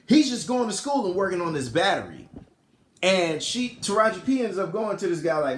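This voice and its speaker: Male reviewer, higher-pitched, loose slangy retelling, echoey room. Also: sing-song, moderate pace, slight background noise. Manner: rambling, slangy, often corrects himself. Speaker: film reviewer. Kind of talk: casual plot retelling.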